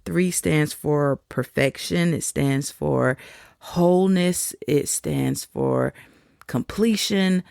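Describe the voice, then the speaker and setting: Slow, gravelly-voiced woman telling a testimony. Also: low-pitched, very animated, dry recording, studio quality. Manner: slow, reflective storytelling with soft laughs. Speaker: podcast host. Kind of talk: personal faith testimony.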